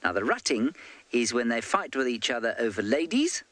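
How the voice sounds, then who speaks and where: A man's voice: medium pitch, very animated, normal speed, fairly bright tone, dry recording. A man safari field guide explaining animal behaviour in friendly live commentary outdoors. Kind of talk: live game-drive commentary. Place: outdoors on a game drive.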